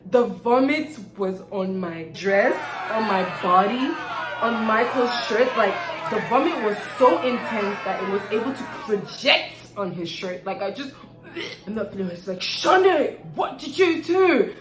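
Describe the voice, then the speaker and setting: A young woman vlogger telling a personal story in a casual, animated and dramatic way. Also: medium pitch, moderate pace, background noise. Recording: echoey room, faint background music.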